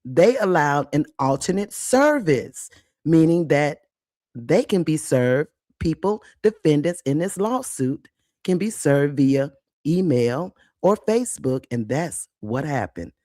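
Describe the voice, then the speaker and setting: A woman's voice: low-pitched, lively intonation, slow, dark tone, no echo, clean studio sound. A woman hosting a casual livestream, chatty and blunt with salty slang, greeting viewers by name. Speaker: livestream host.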